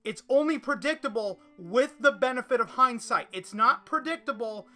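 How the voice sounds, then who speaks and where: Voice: medium pitch, expressive, moderate pace, bright, forceful tone, soft background music. A podcast host delivering an opinion monologue and reading articles aloud, often restarting and repeating words.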